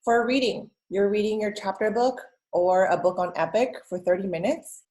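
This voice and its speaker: A woman teaching a recorded lesson to elementary students, patiently explaining each step with frequent "um" and "okay" and reading examples aloud with clear pauses. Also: mid-range voice, darkish tone, low-quality recording. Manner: patient, explains step by step, many ums and okays; reads example sentences aloud with exaggerated pauses. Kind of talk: recorded remote lesson walkthrough.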